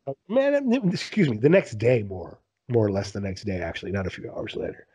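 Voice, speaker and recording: A man in his thirties chatting casually on a podcast, telling rambling, animated stories full of fillers. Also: on the low side, brisk, husky, no room sound. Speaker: podcast guest.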